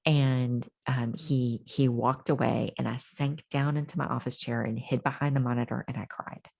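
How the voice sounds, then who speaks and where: This middle-aged woman's voice is deep and dark, full of gravelly fry, with fairly level intonation. Speaking as an interview guest, she shares her personal story openly and thoughtfully, frequently stopping and beginning her sentences again.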